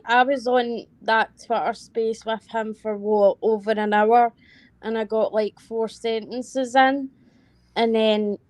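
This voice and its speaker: A woman's voice: fairly high pitch, a little mellow, no echo. A woman with a Scottish accent, chatting casually as a panel guest, rambling and apologetic. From Scotland. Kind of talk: casual chat.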